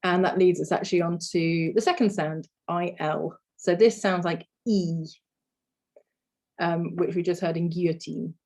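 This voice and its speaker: Woman, teacher, patient explanations, slightly low pitch. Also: steady tone, a little slow, darkish tone. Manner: explains patiently, models sounds for repetition. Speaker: language teacher. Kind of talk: phonics lesson.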